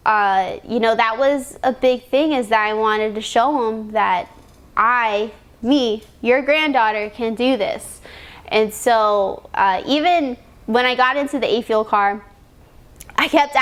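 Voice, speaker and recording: A young woman, a drag racing driver, telling an excited story in an interview, laughing often and restarting her sentences. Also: on the high side, measured pace, smooth.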